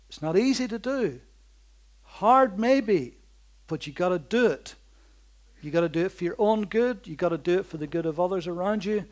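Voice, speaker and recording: A preacher with a notably high voice delivers his sermon in bold, dynamic waves. He rises to loud outbursts, then sinks into slow, near-hushed lines. Repeated phrases land with a steady rhythmic insistence. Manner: repetitive, rhythmic emphasis.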